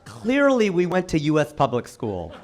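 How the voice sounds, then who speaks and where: A stand-up comedian with a fairly high, lively voice that leaps around in pitch. He works the room with rhetorical questions, dropping to quiet asides before punching the big lines. His delivery is animated and theatrical. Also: normal speed, heavy background noise. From United States. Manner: animated, rhetorical, swings between hushed asides and loud punchlines. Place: comedy stage.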